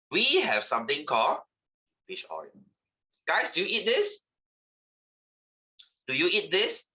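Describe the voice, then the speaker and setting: A man's voice: a little high, sing-song, moderate pace, long pauses, bright, forceful tone, lo-fi sound. A man giving a chatty science lesson to his class, asking questions and repeating himself. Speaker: science teacher. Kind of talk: classroom lecture.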